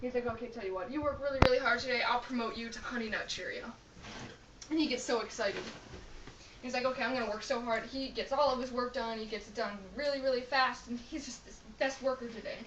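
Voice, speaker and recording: A woman's voice: a little high, quick pace, fairly bright tone, lo-fi sound, a little hiss or hum. A young woman telling a long, rambling joke to friends, in a chatty way with fillers. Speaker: joke teller. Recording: echoey room from far off.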